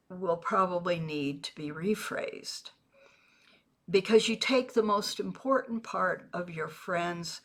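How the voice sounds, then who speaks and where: A woman gives a video lesson, speaking slowly and with care at an ordinary middle pitch. She teaches as a network marketing mentor, going over her example phrases again and again in a deliberate way. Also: fairly bright tone. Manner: measured, deliberate delivery with repeated example phrases.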